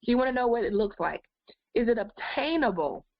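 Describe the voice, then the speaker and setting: A woman's voice: a little high, expressive, fairly quick, dry recording, muffled recording. A woman life coach giving an encouraging goal-setting webinar, talking straight to her viewers. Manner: encouraging, addresses viewers directly.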